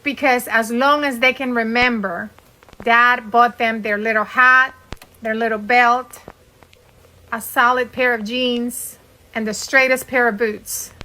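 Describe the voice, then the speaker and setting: A woman's voice: fairly high pitch, steady tone, unhurried, pushed and bright, rough recording. A woman giving wry, knowing social media commentary.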